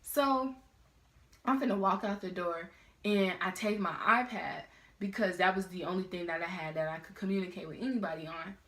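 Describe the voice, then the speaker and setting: A woman's voice: fairly low pitch, normal speed. Teenage girl telling a story, echoey room. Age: teens. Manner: casual, slangy, animated retelling. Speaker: vlogger. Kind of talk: storytime vlog. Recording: roomy echo.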